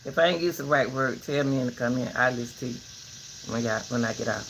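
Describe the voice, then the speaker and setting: An older woman talking casually to her viewers in a vlog, giving folksy, preachy advice in an animated way. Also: extremely low pitch, quick pace, noisy background. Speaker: vlogger.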